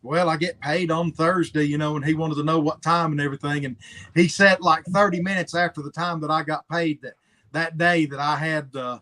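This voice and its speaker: Bright-voiced man telling a story. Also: fairly high pitch, steady tone, fairly quick. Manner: laid-back, chuckles as he tells stories. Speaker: car show co-host. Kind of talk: casual storytelling chat.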